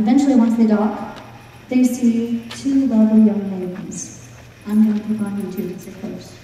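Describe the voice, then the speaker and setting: A woman's voice: mid-range voice, mellow, a little hiss or hum. A woman telling a folk tale to an audience, breaking in with dry, joking asides. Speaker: storyteller. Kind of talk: storytelling with wry asides. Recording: echoey hall, far from the mic.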